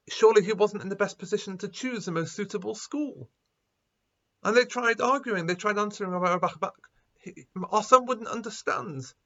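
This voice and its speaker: A man speaking as a rabbi at a school assembly, telling a story with lively quoted dialogue. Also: high-pitched, muffled recording. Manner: animated storyteller, acting out quoted voices.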